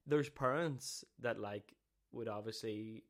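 A man with a fairly low voice chats loosely on a podcast. He rambles, restarts and swears freely. He pokes fun at himself. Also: takes it slowly. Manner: swears a lot, rambling and self-mocking. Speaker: podcast co-host. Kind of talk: casual chat.

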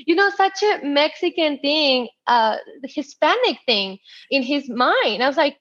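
Woman in her twenties, from El Paso, interview guest. Lively storyteller, slightly high voice, dull dry sound. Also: moderate pace, no room sound. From El Paso, Texas. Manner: animated, acts out voices in her story, laughs often.

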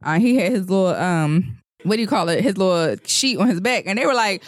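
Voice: medium pitch, expressive, a little fast, no echo, clean studio sound. A podcast co-host in casual chat, retelling a movie scene by scene, acting out the lines and laughing often.

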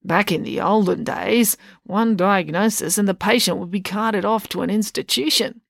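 A woman voicing a kindly but patronising male doctor who speaks slowly and patiently. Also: mid-range voice, vocal fry, no echo, studio quality. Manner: slow, patient, soothing.

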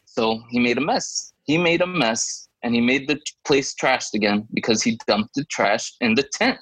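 A man in his thirties, co-host of a podcast, telling a story in a casual, animated way and jumping into high voices when he quotes people. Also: moderate pace, husky, no room sound, poor audio.

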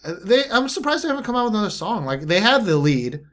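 A man co-hosting a casual music review chat, animated and quick to break into mock rants with swearing. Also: high-pitched. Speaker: co-host reviewing music videos.

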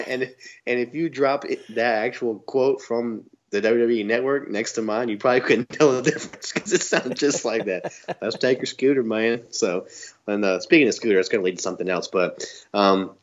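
A man's voice: mid-range voice, steady tone, moderate pace, lo-fi sound. A man from the US South co-hosting a podcast, chatting casually and laughing often. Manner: laid-back, laughs often, says "man" and "you know". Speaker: podcast co-host. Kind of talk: casual chat recapping wrestling.

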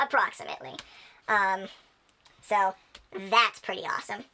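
A woman's voice: medium pitch, moderate pace, pushed and bright. A young woman chatting casually as a channel host, enthusiastic and rambling with many fillers. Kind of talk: casual chat.

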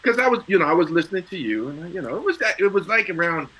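A man's voice: high voice, big pitch swings, fast, pushed and bright, husky, poor audio. A middle-aged man, a guest, telling stories in casual chat, getting emotional and laughing, with many restarts and repeated words.

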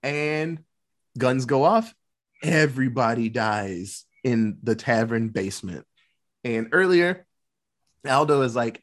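A man hosting a podcast, casually recapping a film with lots of fillers and quick asides. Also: mid-range voice, very animated. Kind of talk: casual movie recap chat.

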